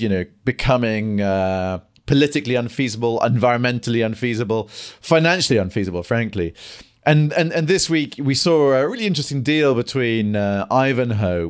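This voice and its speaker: A man's voice: mid-range voice, clear, resonant tone. A man hosting an energy podcast, talking casually with lots of restarts and fillers. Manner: hesitant, many restarts and fillers. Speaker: podcast host. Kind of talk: casual discussion and solo commentary.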